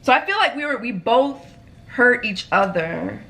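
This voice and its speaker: Bright-voiced woman telling an animated story. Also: a little high, measured pace, vocal fry. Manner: animated storytelling with frequent "like" fillers. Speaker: vlog co-host. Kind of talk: candid friendship Q&A chat.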